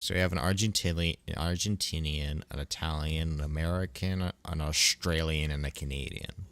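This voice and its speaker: A man's voice: very deep voice, fairly even intonation, moderate pace, fairly bright tone, no room sound. A young man streaming a game, chatting casually in a rambling, joking way and laughing often. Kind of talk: casual chat while gaming.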